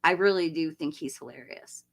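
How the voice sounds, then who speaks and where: Tired woman streamer, slightly low voice, chatty and rambling with viewers. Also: normal speed. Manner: chatty, laughs often, rambling restarts. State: tired after a long stream. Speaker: livestream host. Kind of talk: casual live chat reading viewer comments.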